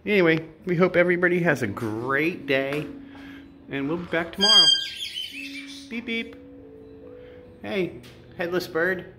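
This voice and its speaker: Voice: mid-range voice, normal speed. A bird sanctuary caretaker chatting to pet parrots in cooing baby talk indoors, with asides to viewers. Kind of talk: casual vlog, talking to pet parrots. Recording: loud music playing behind.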